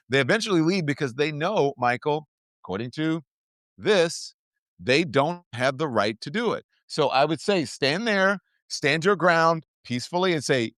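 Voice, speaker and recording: A man's voice: on the high side, animated, normal speed, fairly bright tone, no echo, clean studio sound. A middle-aged man hosting a political talk show, speaking emphatically and repeating his points for stress. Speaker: host.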